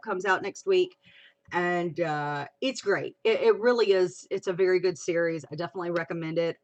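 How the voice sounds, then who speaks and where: A woman hosts a casual livestream, talking about what she's been reading. She speaks slowly, in a fairly low voice, chatty and expressive with casual swearing. The sound is that of a home computer mic. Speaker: livestream host. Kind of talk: casual chat about fan fiction.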